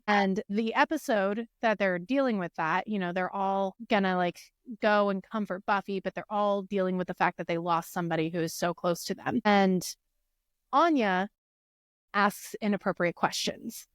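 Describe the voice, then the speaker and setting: A woman's voice: medium pitch, dry recording, studio quality. A woman co-hosting a casual podcast chat, telling stories with feeling and acting out the lines she quotes. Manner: animated storyteller, acts out quotes. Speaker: podcast co-host.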